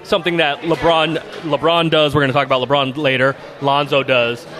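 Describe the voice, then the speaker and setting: A man co-hosting a sports podcast, giving measured, analytical commentary. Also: fairly high pitch, little pitch movement, fairly bright tone. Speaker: podcast co-host. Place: arena after a game.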